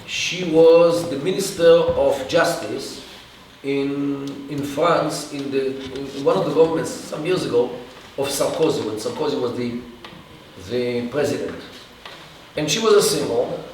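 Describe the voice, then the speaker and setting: A man answering an audience question in a halting lecture style, with many restarts and pauses. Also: medium pitch, a little mellow. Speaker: guest speaker. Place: event hall. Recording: echoey room from far off, faint hiss.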